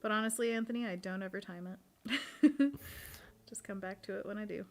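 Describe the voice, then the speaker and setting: A giggly, playful young woman chats casually while she paints on a livestream, her voice sitting at an ordinary middle pitch. Faint music plays underneath. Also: normal speed.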